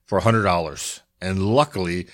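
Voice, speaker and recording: Low-voiced man telling wry anecdotes. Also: moderate pace, fairly bright tone. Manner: wry anecdotes, acts out both sides of a dialogue. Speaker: podcast co-host. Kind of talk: casual chat.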